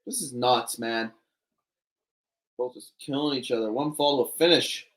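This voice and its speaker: A man co-hosting a wrestling watch-along, commenting casually and breaking into loud excited exclamations. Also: mid-range voice, normal speed.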